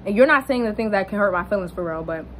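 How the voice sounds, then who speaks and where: A young woman casually telling a personal story, animated and swearing, jumping up high when she quotes people. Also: quick pace, a little hiss or hum, low-quality recording. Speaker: vlogger.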